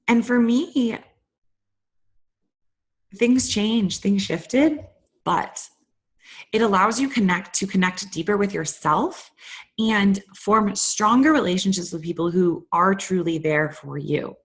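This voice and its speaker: A woman's voice: mid-range voice, unhurried, breathy edge. A young adult woman hosting a candid, conversational self-help talk. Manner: candid, conversational, animated retellings. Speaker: host.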